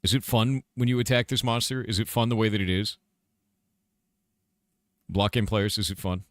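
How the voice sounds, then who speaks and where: Low-voiced man chatting with his livestream. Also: moderate pace, dry recording, studio quality. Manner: talks to his chat, asking viewers questions and musing aloud; animated, with sudden emphatic outbursts. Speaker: game developer streamer. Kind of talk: casual livestream chat.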